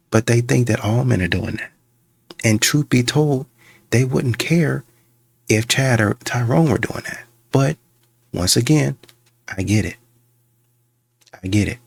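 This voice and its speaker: A man hosting a reaction channel, commenting casually on a clip and acting out little scenes in animated asides. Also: medium pitch, gravelly, husky, dry recording. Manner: animated storytelling with voiced asides.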